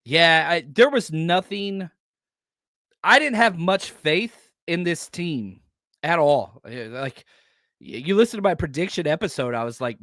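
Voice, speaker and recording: A man hosts a live postgame fan show, his voice swinging widely up and down as he talks bluntly about the game. His pitch sits a little high for a man. The sound is dry and close, with no room echo. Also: a little slow. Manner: animated, blunt, reads out viewer chats. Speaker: podcast host.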